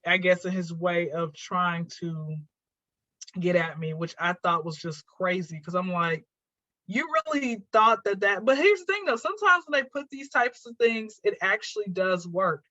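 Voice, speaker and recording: A woman comedian guesting on a podcast, telling stories in a lively, animated way in casual chat. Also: normal speed, dry recording, highs cut off. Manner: animated storyteller with big pitch jumps.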